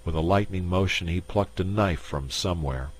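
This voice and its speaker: A man reading a science fiction short story aloud in a measured narration. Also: low voice. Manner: slow, measured.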